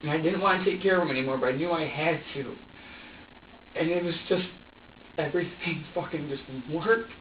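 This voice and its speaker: A man's voice: on the high side, fairly quick, distant mic. A young man in a police interview room, pouring out an agitated, profanity-laced confession full of stammers and repeated phrases. He sits away from the microphone, so his voice echoes and sounds dull and lo-fi, with faint ambient noise underneath. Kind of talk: emotional confession.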